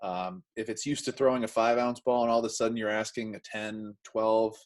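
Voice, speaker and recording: A man chatting casually as he explains and demonstrates arm training drills, with relaxed everyday examples. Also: lowish voice, brisk, poor audio. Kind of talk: casual instructional chat.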